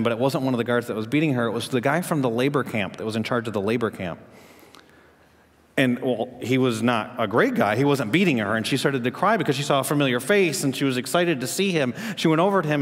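A man preaching a sermon as pastor, telling a story and asking the congregation questions, rising in pitch and volume to make his points. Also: brisk, in a large hall.

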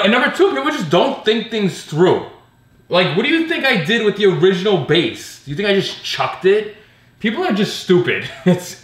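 A man talks through a loose, ranting vlog, sarcastic and quick to swear or laugh. His voice sits a little high and sounds bright and forceful. The room around him rings with a noticeable echo. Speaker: pinball vlogger. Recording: roomy echo.

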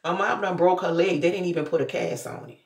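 A woman's voice: fairly low pitch, quick pace, a little mellow. Chatty woman vlogging in an echoey room. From New Orleans. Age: 50s. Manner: chatty, preachy asides, loose slang. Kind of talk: casual vlog talk.

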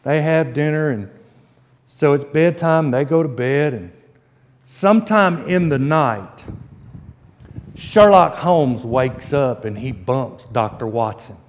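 A man, preaching a sermon as pastor and telling folksy stories with slow, emphatic delivery. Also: mid-range voice. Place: church sanctuary. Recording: long church reverb.

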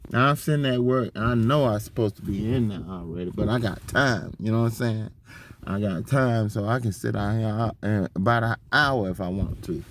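A man muses about his faith in an unhurried, drawn-out way. His pitch sits in the middle range for a man. He sits outside his workplace and keeps breaking off to exclaim or hum to himself. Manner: slow, rambling, exclaims and hums to himself. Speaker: vlogger. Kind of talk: casual spiritual monologue.

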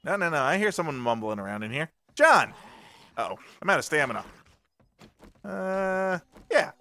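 A man's voice: fairly high pitch, sing-song, moderate pace, bright, forceful tone. A man chatting casually and goofing around while playing a co-op game with a friend. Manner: goofy, joking. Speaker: gamer. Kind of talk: casual co-op gaming chat.

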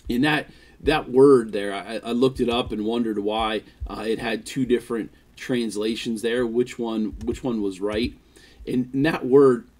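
A man's voice: mid-range voice, darkish tone. A man preaching a devotional sermon as pastor, earnest, often repeating and restarting phrases.

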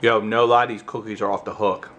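An American man chatting casually with his toddler on camera, using playful baby talk and high, coaxing questions. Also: flat delivery, fairly quick, noisy background. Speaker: parent vlogger.

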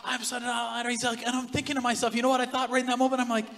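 A man preaching a sermon as pastor of his church, joking and telling stories, with big swings from loud outbursts to hushed asides. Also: very high voice, rapid-fire. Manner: animated, joking storyteller with big swings in loudness. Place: large church hall. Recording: long hall reverb.

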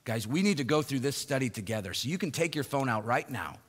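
Pastor preaching in a reverberant sanctuary. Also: male voice, expressive, a little hiss or hum. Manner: rises in pitch and volume for emphasis, then drops soft and slow. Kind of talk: sermon. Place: church sanctuary. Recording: long hall reverb.

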